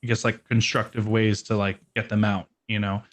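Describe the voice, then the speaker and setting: A young man with a lowish voice talks in a loose, rambling way, full of fillers. He keeps it casual and easygoing, laughing often as he chats. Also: level tone, normal speed. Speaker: guest, metal band musician and dog owner. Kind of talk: casual podcast chat.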